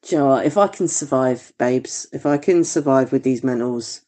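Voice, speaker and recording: Woman, caller voice message, heartfelt, emotional, warm tone. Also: a bass voice, moderate pace.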